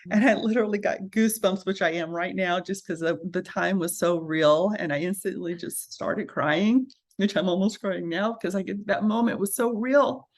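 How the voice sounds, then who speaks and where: A woman, a registered nurse, telling her story as a guest in a casual interview, animated and acting out the voices she quotes. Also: mid-range voice, normal speed, few pauses.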